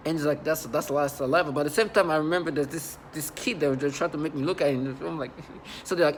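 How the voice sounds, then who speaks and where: An agitated man rambles straight to camera, circling back and repeating himself. His voice sits a little on the high side. A faint hum of ambience and passing traffic sits underneath. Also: quick pace. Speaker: channel host. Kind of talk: unscripted monologue to camera.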